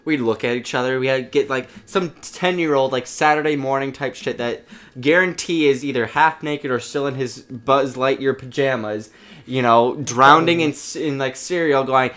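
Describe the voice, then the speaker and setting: A young man co-hosting a casual gaming podcast, with a voice of middling pitch. He tells stories in a rambling way, restarts often and acts out the people he quotes. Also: normal speed, fairly bright tone. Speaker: podcast co-host.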